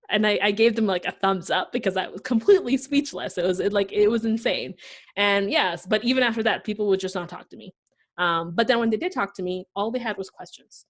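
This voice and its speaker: A young woman from Pakistan, guesting on an interview podcast, tells her story in a lively, conversational way and acts out the voices of the people she quotes. Her voice is medium in pitch and fairly quick.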